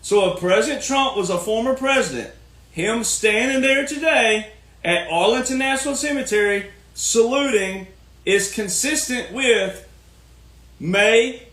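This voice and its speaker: A man's voice: high voice, a little slow, bright, forceful tone. A man delivering a folksy, preachy political rant, repeating his points. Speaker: commentary host. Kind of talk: ranting political monologue. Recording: roomy echo.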